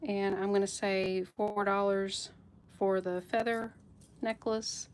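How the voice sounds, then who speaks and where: A woman's voice: mid-range voice, level tone, slow, clean tone. A woman hosting a live jewelry sale stream, chatting casually with viewers by name and laughing often. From United States.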